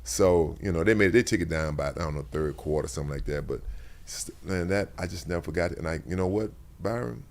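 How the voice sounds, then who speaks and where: A man's voice: deep voice, quick pace. A man in his sixties, a former football player, telling stories in a casual interview with lots of restarts and repeated words.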